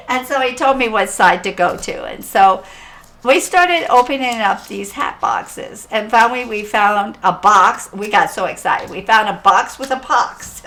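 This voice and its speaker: A woman's voice: medium pitch, animated, a little slow, sharp tone. A woman psychic medium telling a personal story in a chatty, casual way, repeating phrases and laughing as she talks.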